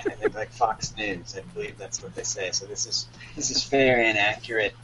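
A man's voice: lowish voice, moderate pace, hardly any pauses, sharp tone, slight background noise, rough recording. A man co-hosting a podcast, chatting casually and chuckling as he reads aloud. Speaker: podcast co-host. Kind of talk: casual chat, reading aloud.

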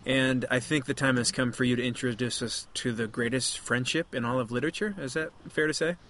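A man's voice: medium pitch, steady tone, fairly quick, a bit bright. A man hosting a podcast, teasing his co-hosts in a playful, casual chat. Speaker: podcast host.

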